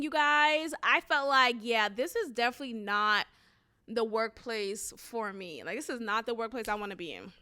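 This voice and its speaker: A woman's voice: fairly high pitch, pushed and bright, smooth. A woman in her thirties hosting a podcast, telling a story in a candid, rambling chat and talking straight to her listeners. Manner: candid and chatty, rambling with restarts, addresses listeners as "y'all". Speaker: podcast host. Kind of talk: casual storytelling monologue.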